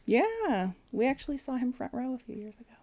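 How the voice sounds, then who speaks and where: A woman's voice: high voice, big pitch swings, brisk, warm tone. A woman in her forties candidly telling an emotional personal story as a podcast guest, with fillers and quoted dialogue.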